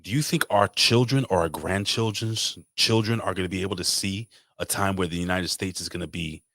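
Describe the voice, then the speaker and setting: A man from New York City with a very low, deep voice, ranting in casual podcast talk and swearing every few words. He works himself up as he goes, and his voice sounds dry and close. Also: brisk, a bit bright, no room sound. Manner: profane ranting. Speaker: podcast co-host. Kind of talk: casual chat.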